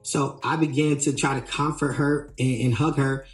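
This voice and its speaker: Animated man recounting in a roomy echo. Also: mid-range voice, moderate pace. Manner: re-enacts quoted dialogue with emphatic rises. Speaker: tour manager. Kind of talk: animated storytelling. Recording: roomy echo, faint music.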